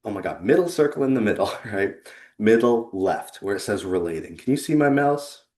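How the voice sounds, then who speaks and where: Earnest man presenting, low voice. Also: animated, darkish tone, echoey room. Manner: earnest and conversational, with pauses for effect. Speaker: leadership consultant and presenter. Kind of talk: presentation to a remote audience.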